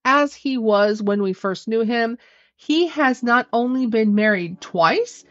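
A woman reading a classic ghost story aloud in a measured, expressive narration. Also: fairly high pitch, no room sound, dull audio. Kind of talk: scripted narration.

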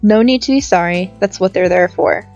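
A woman voicing a calm, soft-spoken woman doctor in a visual novel, with a low, soothing manner. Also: moderate pace, lightly acted. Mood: gentle. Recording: dull lo-fi with faint music.

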